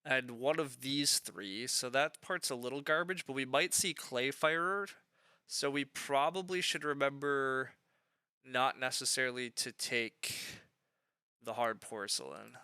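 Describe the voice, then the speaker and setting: A man's voice: mid-range voice, animated, a little slow, sharp tone, smooth, no echo. A man streaming a board game live, thinking aloud in a chatty way with lots of fillers as he weighs his picks.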